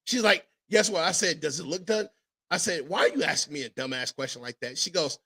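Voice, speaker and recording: Brief: high-pitched, sharp-toned man hosting a podcast, lively swings in pitch, cursing freely as he tells stories. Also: brisk, husky. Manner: animated storytelling, profane, mimics others. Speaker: podcast host; father. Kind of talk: casual podcast chat.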